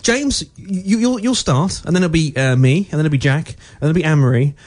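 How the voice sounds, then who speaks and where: A man's voice: a little high, fairly quick, a little mellow. A man hosting a comedy radio show, rambling and restarting his sentences, with faint music behind.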